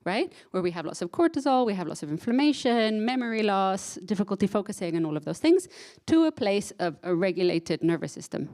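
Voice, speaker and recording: A woman's voice: medium pitch, very animated, a little fast, hardly any pauses, a little mellow. Woman speaker at a conference, chatty and heartfelt, keeps asking the room "right?". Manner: conversational, engages audience with frequent "right?"; emotional, self-described crier. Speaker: psychotherapist giving a talk. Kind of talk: live conference talk.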